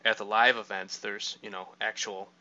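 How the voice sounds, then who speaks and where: A man's voice: fairly low pitch, little pitch movement, moderate pace, sharp tone, highs cut off. A man hosting a casual chat, explaining things at length in a knowledgeable way with many fillers. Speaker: podcast host.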